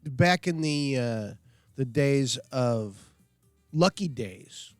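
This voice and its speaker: A man's voice: medium pitch, animated, extremely slow, dry recording, soft background music. Hesitant, easygoing podcast man. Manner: hesitant, restarts often, easygoing. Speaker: podcast co-host. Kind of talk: casual chat.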